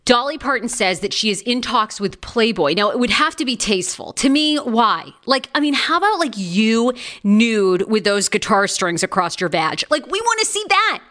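Chatty, bright-voiced woman podcast host. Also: on the high side, normal speed. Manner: chatty, gossipy, animated. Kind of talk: live celebrity gossip podcast.

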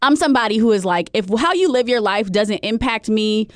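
A woman co-host telling a candid story in casual chat, animated and blunt. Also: a little high, brisk, no room sound, clean studio sound.

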